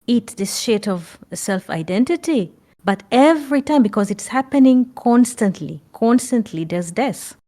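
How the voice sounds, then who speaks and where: Slow, emphatic woman teaching. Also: fairly high pitch, dark tone. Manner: earnest, emphatic, repeats phrases, blunt swearing. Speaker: spiritual teacher. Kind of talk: spiritual teaching talk.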